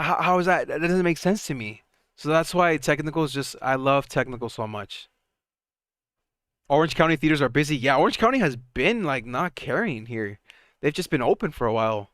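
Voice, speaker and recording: A man's voice: on the high side, moderate pace, no echo, studio quality. Chatty young man streaming stock talk. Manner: excitable, chatty, laughs often, trails off and restarts. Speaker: stock market livestream host. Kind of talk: casual live commentary.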